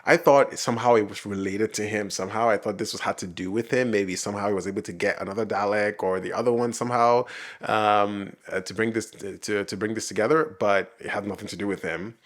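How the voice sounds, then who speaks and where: A man's voice: lowish voice, fairly even intonation, brisk. A man giving casual reaction commentary on a TV episode, rambling with many fillers and restarts and laughing often. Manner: laughs often while talking. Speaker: reaction video host.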